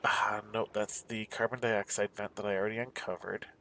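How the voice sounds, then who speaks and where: A man's voice: on the low side, little pitch movement, fairly quick, sharp tone. Mumbling man narrating a game, faint hiss. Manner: mumbling to himself, musing and searching. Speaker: gameplay commentator. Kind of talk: casual let's play commentary.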